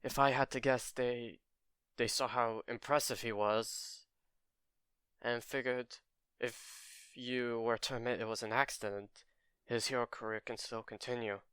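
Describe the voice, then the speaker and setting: A man's voice: mid-range voice, steady tone, unhurried, fairly bright tone, clean tone, dry recording, studio quality. Rambling male fan storyteller. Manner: rambling, with self-corrections. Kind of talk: casual storytelling narration.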